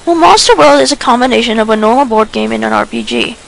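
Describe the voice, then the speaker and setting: An eager, friendly teenage boy who loves games and explains them earnestly, as a woman reads him. The voice is somewhat high and heavily gravelly. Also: fast talker, a little hiss or hum, poor audio.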